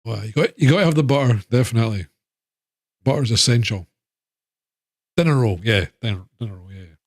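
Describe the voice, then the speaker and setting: A man's voice: mid-range voice, animated, a little fast, dry recording, clean studio sound. A man with a Scottish accent, chatting casually and rambling on a live stream. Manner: chatty, rambling, self-interrupting.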